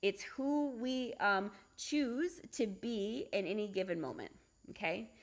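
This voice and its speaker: A middle-aged woman, a holistic doctor, talking casually on a livestream, chatty and animated, often asking "right?" and laughing. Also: medium pitch, slow. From United States. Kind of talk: casual livestream talk with storytelling.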